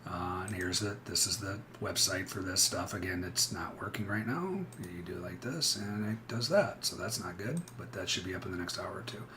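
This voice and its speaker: A man's voice: low voice, normal speed, few pauses, sharp tone, a little hiss or hum. A middle-aged man hosting a live trading stream, talking bluntly and energetically with frequent restarts.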